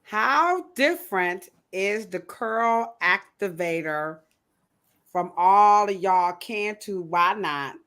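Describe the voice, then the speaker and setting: Podcast hostess, bright clear voice, animated and emphatic, riffs and jokes with the chat. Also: female voice, medium pitch, takes it slowly. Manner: animated, emphatic, joking rants. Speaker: podcast host. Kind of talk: casual chat.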